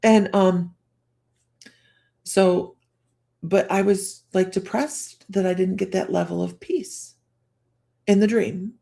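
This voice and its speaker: In a mid-range, creaky, warm voice, a woman running a psychic livestream talks slowly and steadily, pausing often. She rambles chattily through a personal story with plenty of laughter, frequently starting over and trailing off.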